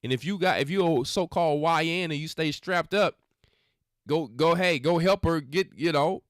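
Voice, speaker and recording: A man's voice: fairly high pitch, moderate pace, no room sound, studio quality. A man hosting a faith podcast, giving casual, scolding commentary on videos he plays, mixing slang with prayer. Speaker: podcast host.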